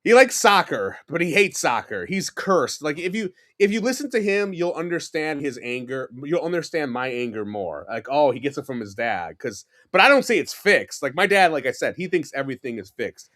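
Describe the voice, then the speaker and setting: Rambling, animated New York guy, slightly high voice. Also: moderate pace, few pauses. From New York City. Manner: rambling, animated storyteller with lots of fillers and restarts. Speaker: podcast guest. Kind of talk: casual chat.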